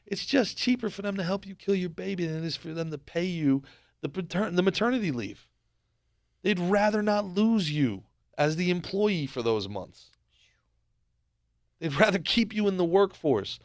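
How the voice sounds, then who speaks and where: Jersey guy on a podcast, kinda high voice, swears a lot, gets worked up, dry close mic. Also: moderate pace, no room sound. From New Jersey. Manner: animated, profane storytelling with acted-out quotes. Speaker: podcast co-host. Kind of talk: casual podcast chat.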